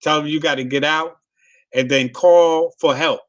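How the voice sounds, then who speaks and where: A man's voice: fairly high pitch, fairly even intonation, normal speed, a bit bright, muffled recording. A man hosting a casual interview, telling loose profane stories with many restarts and repeats. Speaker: host.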